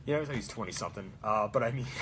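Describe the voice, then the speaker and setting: A young man chatting casually while making a prop, rambling and excitable with lots of fillers. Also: fairly low pitch, fast talker, slight background noise. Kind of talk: casual crafting vlog chat.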